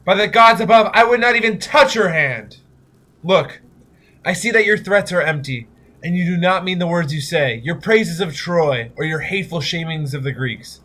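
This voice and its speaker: A young man, a student actor, playing a stern herald of the conquering army in a stage tragedy, speaking in a measured, commanding way. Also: high-pitched, lively intonation, pushed and bright, heavily acted. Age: young adult.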